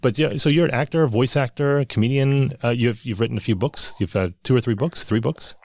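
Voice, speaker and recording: A man co-hosting a podcast, chatting casually and quickly with a guest, often restarting his sentences. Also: mid-range voice, a little mellow, no echo. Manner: chatty, quick, self-interrupting. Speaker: podcast co-host. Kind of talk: casual interview.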